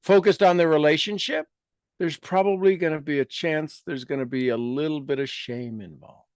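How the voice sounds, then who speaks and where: A man with a somewhat high voice leads a coaching talk, walking listeners through exercises. He asks rhetorical questions, repeats key phrases and often drops into quiet asides. The sound is dry, with no room echo. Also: normal speed. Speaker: speaker leading a self-help talk.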